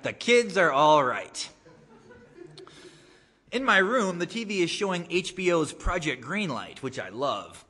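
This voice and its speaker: A man reading his own essay aloud to an audience in a gallery, with wry, deadpan humor. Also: sits high, measured pace, long pauses. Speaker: guest author giving a reading. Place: art gallery, live reading. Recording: long reverb of a gallery hall.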